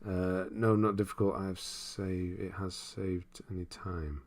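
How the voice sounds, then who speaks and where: Low-voiced man chatting on a livestream. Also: steady tone, a little slow, a little mellow. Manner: rambling, chuckles often, thinks aloud. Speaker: livestream host reading viewer comments. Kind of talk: casual live-stream chat.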